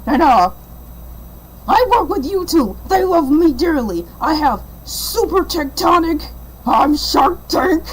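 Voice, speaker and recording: A woman's voice: high-pitched, animated, takes it slowly, rough recording. A woman voicing a boastful talking shark who fills in as livestream host, chatting in a rambling way. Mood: playful. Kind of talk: rambling livestream in-character patter.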